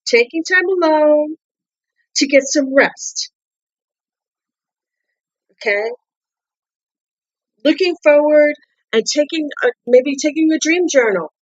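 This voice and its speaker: A woman's voice: sits high, takes it slowly, long pauses, muffled recording. A woman giving a casual tarot card reading, often repeating herself and asking coaxing questions, with an accent. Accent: non-native English accent. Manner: repetitive, restarts words, coaxing questions.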